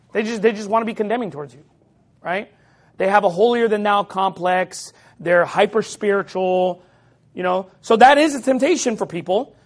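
Delivering a sermon in a very high voice, a pastor preaches with force, his voice rising as he mimics his critics in a mocking tone.

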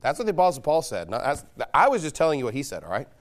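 A man preaching a sermon as pastor, emphatic and mocking, pressing his points with loud insistence. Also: a little high, huge pitch swings, rapid-fire. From United States.

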